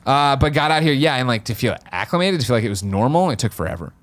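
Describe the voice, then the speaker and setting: A man's voice: mid-range voice, fast talker. A man from the Midwest hosting a podcast, telling a story in casual chat and acting out the voices of the people in it. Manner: animated, acts out voices of people in his stories. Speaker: podcast host.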